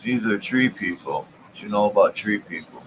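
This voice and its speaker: A man hosting his channel, giving casual commentary while browsing old maps, with relaxed, amused, slangy asides. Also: lowish voice, normal speed, slight background noise, poor audio. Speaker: channel host.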